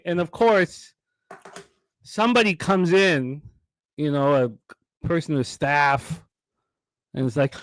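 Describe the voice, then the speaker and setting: A man with a slightly high voice hosts a sports betting show, reading off game stats and drifting into rambling stories. The sound is close and dry, with no room around it. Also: steady tone, takes it slowly, long pauses, fairly bright tone, dry recording. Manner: rambling, reads stats and tells comedy stories. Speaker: sports betting radio host. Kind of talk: casual sports betting talk.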